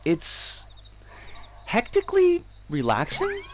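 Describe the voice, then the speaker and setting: An American woman in her forties chatting casually on a game stream, animated and giggly with sudden excited squeals. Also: fairly high pitch, takes it slowly, a little hiss or hum. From United States. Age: 40s. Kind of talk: casual livestream chat while gaming. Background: game music.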